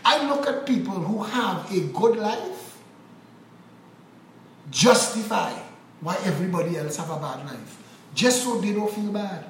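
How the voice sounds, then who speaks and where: A man's voice: high voice, roomy sound, a little hiss or hum, poor audio. Angry Trinidadian man ranting. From Trinidad and Tobago. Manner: angry, emphatic, repetitive rhetorical delivery. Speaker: political commentator. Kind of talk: impassioned political monologue.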